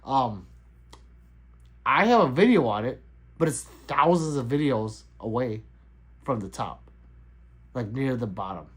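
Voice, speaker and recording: A man's voice: medium pitch, lively intonation, unhurried, long pauses, slightly rough. Middle-aged guy on a home livestream, chatty and loose, voice jumps up and down a lot. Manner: loose, laughing, chatty, reading out chat. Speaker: livestream host. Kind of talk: casual livestream chat.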